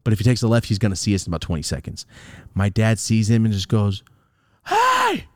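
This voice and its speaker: A man's voice: fast talker, dry recording. A young man telling a story on a podcast, casual and profane, acting out the voices of people he quotes. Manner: animated, profane, acts out quotes with big pitch jumps. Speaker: podcast host.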